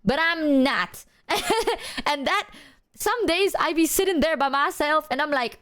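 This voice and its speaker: A woman's voice: sits high, lively intonation, measured pace, fairly bright tone. A young woman streaming as a VTuber, chatting casually with viewers in a rambling, slangy, self-mocking way and laughing often.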